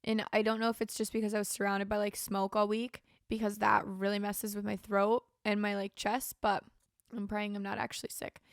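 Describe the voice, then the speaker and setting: A woman's voice: medium pitch, completely flat delivery, brisk, no room sound, clean studio sound. A young woman hosting a casual solo podcast, tired and yawning with a sore throat, rambling with lots of fillers. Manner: rambling, frequent "like" and "um". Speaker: podcast host.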